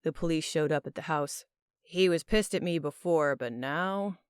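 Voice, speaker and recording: A woman's voice: deep voice, normal speed, smooth, dry recording, clean studio sound, voice pushed down, close to an everyday voice. A woman voicing a terse, protective teenage boy in an audiobook, speaking in blunt, clipped lines. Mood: tense. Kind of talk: audiobook character voice.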